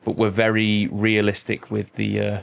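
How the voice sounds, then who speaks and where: Gravelly low guy, middle-aged, rambles and swears through his stories on a podcast. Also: monotone, normal speed. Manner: rambling, swearing, anecdotal storyteller. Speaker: podcast co-host. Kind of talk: casual chat.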